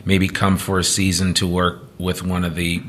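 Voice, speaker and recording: A man's voice: low voice, completely flat delivery, normal speed, a bit bright. A middle-aged man hosting a casual podcast interview in a coworking studio, talking loosely with fillers and restarts. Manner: conversational, many restarts and fillers. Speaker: podcast host.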